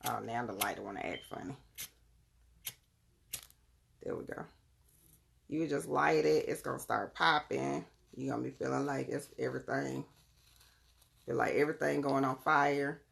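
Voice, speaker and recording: Brief: young woman, deep voice with fry, relaxed chatty live-stream host talking to viewers through her phone. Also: measured pace, long pauses. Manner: chatty, talks straight to viewers by name. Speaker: live-stream host selling crystals and readings. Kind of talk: casual live-stream demonstration.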